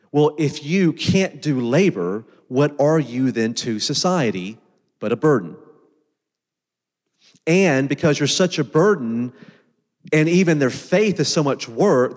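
A man delivers a sermon in a relaxed, talky style, his voice sitting at an ordinary middle pitch. His asides and loose phrasing keep it conversational. The sound trails off in a long church-hall reverb. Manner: conversational, animated preaching with asides and filler words. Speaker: pastor.

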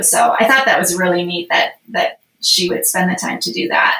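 A woman's voice: fairly low pitch, normal speed, few pauses, pushed and bright. A woman guest on a podcast, telling a personal story in a casual, rambling way with lots of fillers. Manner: rambling, emotional, heavy on fillers. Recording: roomy echo.

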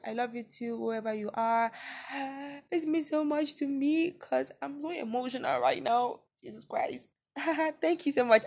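A young woman with a Nigerian accent hosting a casual solo podcast, reading listener messages and reacting with disbelief and laughter. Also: mid-range voice. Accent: Nigerian, Yoruba-inflected. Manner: animated, incredulous reactions with frequent laughter and exclamations. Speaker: podcast host.

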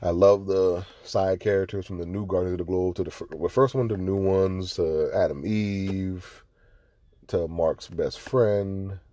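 A man's voice: sits low, measured pace, dark tone, no room sound. A man hosting a podcast and giving a casual review, swearing freely and getting heated as he rants. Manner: profane, ranting, growing heated. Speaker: podcast host.

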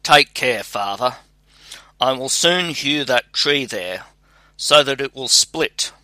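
Man doing calm young scholar, self-assured, storybook, bright voice, dry close sound. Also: medium pitch, slow pace, no room sound, full character voice. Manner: calm, reassuring.

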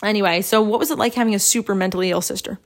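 A young woman co-hosting a podcast in casual chat, talking quickly with lots of fillers and frequent laughter. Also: medium pitch, fairly even intonation. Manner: chatty, laughs often, many fillers. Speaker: podcast co-host.

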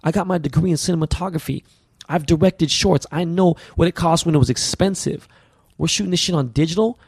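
A man from the US West Coast, a podcast guest, telling stories in an animated, profane, slang-heavy way. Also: a little high, fairly quick, breathy edge, dry recording, clean studio sound. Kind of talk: casual storytelling interview.

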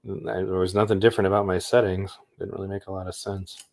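A man's voice: deep voice, level tone, quick pace, creaky. A man hosting a livestream in a rambling, upbeat, chatty way. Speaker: livestream host. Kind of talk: casual livestream chat.

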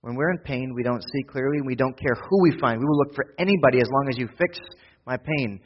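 A pastor preaching a sermon, swinging from loud, quick urgency to hushed, slow intimacy. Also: male voice, medium pitch, long reverb tail, lo-fi sound, slight background noise. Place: church.

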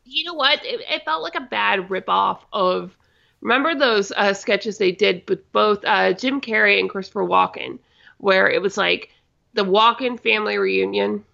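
A woman co-hosting a casual chat about a comedy show, opinionated and animated, often exasperated. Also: medium pitch, moderate pace, vocal fry. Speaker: podcast co-host. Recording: dull lo-fi sound.

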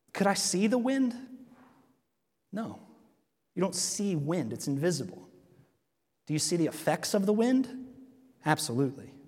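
High-voiced pastor in an echoing church. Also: male voice. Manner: earnest, asks the congregation rhetorical questions. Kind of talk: sermon. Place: church sanctuary.

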